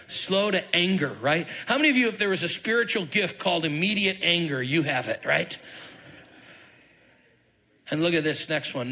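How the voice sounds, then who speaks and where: A middle-aged man, lead pastor, preaching a sermon with animated, humorous storytelling and questions to the congregation. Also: mid-range voice, slightly rough, low-quality recording.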